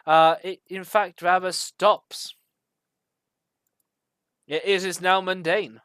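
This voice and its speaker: A woman running a tabletop game, narrating in a slow, unhurried way with many pauses and fillers. Her voice sits low and sounds smooth and clear. The sound is dry and close to the mic. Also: fairly even intonation, fairly bright tone, no echo. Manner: hesitant, many fillers, laughing. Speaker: game master.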